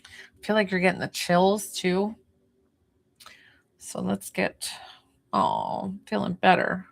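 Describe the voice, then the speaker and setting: A woman running a live-streamed energy healing session, talking calmly through breathing and encouragement with chatty asides. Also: medium pitch, takes it slowly, gravelly. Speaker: spiritual healer on a livestream.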